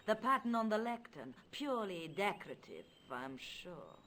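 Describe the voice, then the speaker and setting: An actress voicing a proud, formal countess in a video game, with an imperious, dramatic manner. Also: female voice, mid-range voice, big pitch swings, normal speed, a bit bright, slight background noise. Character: proud Spanish countess, haughty, bitter, later hopeful.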